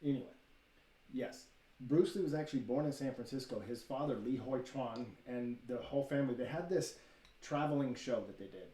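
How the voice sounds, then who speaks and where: A man's voice: mid-range voice, fairly quick, mellow. A man hosting a podcast, talking casually and rambling with swearing and restarts. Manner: rambling, profane, fillers and restarts. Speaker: podcast host. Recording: roomy room, faint noise.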